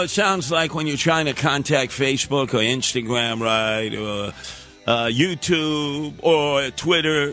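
A man's voice: mid-range voice, bright, forceful tone. A man hosting a talk radio show, ranting sarcastically with mocking sing-song asides.

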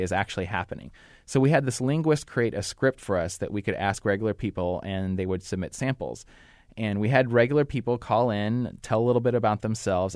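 Low-voiced male podcast host. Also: no echo, clean studio sound. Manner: relaxed, explanatory, with fillers. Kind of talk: casual podcast chat.

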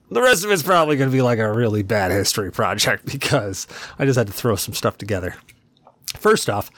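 A man's voice: fairly low pitch, no room sound. A man hosting a podcast alone, rambling in a casual, self-deprecating way and swearing freely. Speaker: podcast host. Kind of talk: casual solo podcast chat.

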